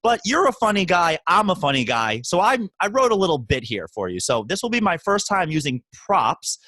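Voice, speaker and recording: A man's voice: high voice, big pitch swings, bright, forceful tone, no room sound. A man hosting a podcast, chatting casually and joking with his guest. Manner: playful, joking, quick. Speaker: podcast host.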